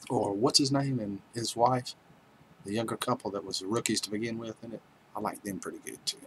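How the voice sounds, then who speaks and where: Man, livestream host, casual joking chat, lowish pitch, faint background noise. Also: steady tone, brisk, low-quality recording. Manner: chatty, joking, reads viewer names aloud. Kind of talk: casual chat with live viewers.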